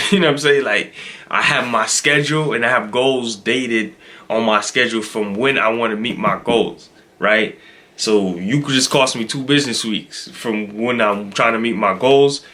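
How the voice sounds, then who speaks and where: A man vlogging casually, telling a story in an animated, exasperated way and repeating himself for emphasis. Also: mid-range voice, normal speed.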